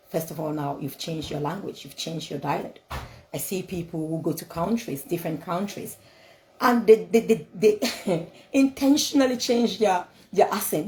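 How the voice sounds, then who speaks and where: A woman's voice: fairly low pitch, a little mellow, slight background noise, low-quality recording. A woman speaking English as a second language, giving a motivational talk laced with scripture, emphatic and repetitive, full of rhetorical questions. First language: not English.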